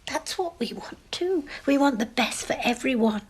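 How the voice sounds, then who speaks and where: An actress playing a gentle social worker in a TV drama, speaking in a soft, hushed, persuasive way. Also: female voice, high-pitched, animated, normal speed, husky.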